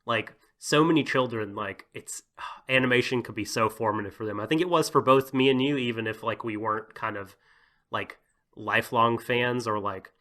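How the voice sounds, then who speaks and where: A man with a bright, forward tone co-hosts a casual podcast. He talks in a thoughtful, hedging way and laughs easily. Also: medium pitch, normal speed. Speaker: podcast co-host.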